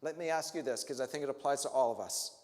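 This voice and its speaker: A man's voice: medium pitch, fast talker, a little mellow, big-room sound. A male pastor preaching a sermon, asking the congregation reflective questions and rising to emphatic peaks. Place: church sanctuary.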